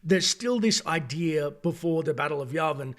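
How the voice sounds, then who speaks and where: An Australian man giving a casual, opinionated review, talking in an animated, digressive way. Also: on the high side, moderate pace. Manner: animated, digressive, acts out quoted voices. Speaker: video reviewer.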